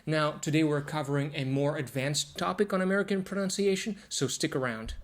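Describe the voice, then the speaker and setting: This recording is very noisy. A man with a fairly high voice teaches a pronunciation lesson to camera, explaining step by step and slowly repeating example words to demonstrate sounds.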